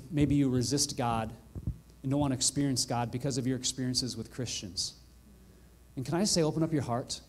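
A male pastor preaching a sermon in a church, earnest and heartfelt, building to excited emphasis. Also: mid-range voice. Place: church sanctuary.

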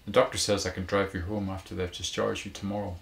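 A man reading a short story aloud voices a cheeky, flirtatious adult woman who talks in a teasing, brisk way. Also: low-pitched, little pitch movement, gravelly, fairly bright tone, echoey room. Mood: concerned.

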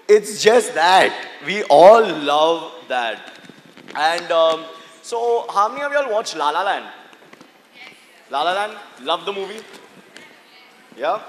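A young man doing stand-up comedy, telling stories with animated acted-out voices and mixing English with Hindi. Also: sits high, takes it slowly, long pauses. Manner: animated storytelling, acts out quoted voices, mixes English with Hindi. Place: stage at a literature festival. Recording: live hall with crowd and noise.

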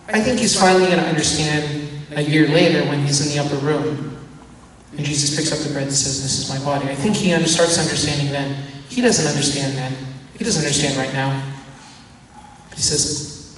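A priest giving a teaching talk, animated and acting out the voices of the people in his story. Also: a little high, normal speed, long pauses, a little hiss or hum. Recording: echoey church hall from far off.

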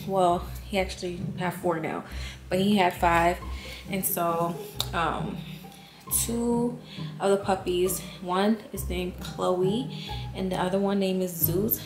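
A woman's voice: on the low side, fairly even intonation, slow pace, echoey room, music in the background. A young woman, chatting casually to her viewers in a vlog and sounding a little out of breath. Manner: chatty, addresses viewers as y'all. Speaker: vlogger. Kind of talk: casual vlog talk to camera.

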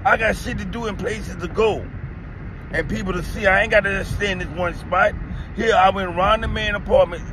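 A man with a Southern US accent delivers a heated, profane rant into his phone, his voice pitched high and keyed up. He repeats himself as he vents about his delivery job. Loud outdoor traffic noise runs behind him. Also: steady tone, brisk. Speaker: delivery driver vlogger. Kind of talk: angry rant to camera. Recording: noisy outdoor traffic background.

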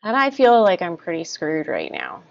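A woman guiding an EFT tapping session, repeating short first-person statements about stress in a steady rhythm. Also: on the low side, normal speed, vocal fry, dry recording. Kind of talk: guided tapping, spoken affirmations. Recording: dull lo-fi sound, dry.

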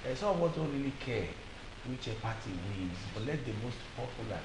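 A man's voice: mid-range voice, lively intonation, brisk. A man with a Nigerian accent, a guest on a TV panel, who talks hesitantly with many fillers. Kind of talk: TV panel discussion. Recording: echoey studio with hiss.

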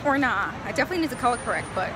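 A young woman talks frankly and chattily straight to her viewers in a casual vlog. Her voice sits a little high. Heavy background noise runs under the handheld recording. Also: sing-song, very fast. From New York City. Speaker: vlogger. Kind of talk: casual vlog chat to camera.

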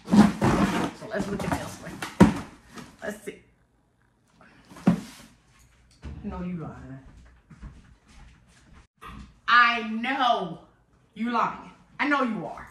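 A woman, chatting excitedly and dramatically to viewers while unboxing gifts at home. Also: mid-range voice. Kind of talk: casual chat to viewers. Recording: roomy echo, faint noise.

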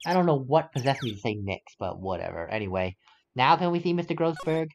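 A man's voice: mid-range voice, sing-song, brisk, creaky, slight background noise. A man casually commenting on a game playthrough and reading its lines, wry and self-mocking. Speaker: let's play host.

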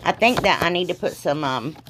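A woman's voice: fairly low pitch, animated, a little fast, fairly bright tone, slight background noise. Chatty middle-aged woman with a Southern drawl. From Ohio, US. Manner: chatty, rambling, folksy exclamations, self-deprecating jokes. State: congested from allergies. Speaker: crafting vlogger. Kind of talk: casual crafting tutorial chat.

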